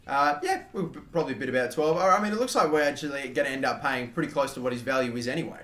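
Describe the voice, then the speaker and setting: Young guy yelling at a football game, bright tense voice, echoey room. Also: mid-range voice, fast, few pauses. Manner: excitable, swears often, shouts at goals. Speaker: gaming YouTuber. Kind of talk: live gameplay commentary.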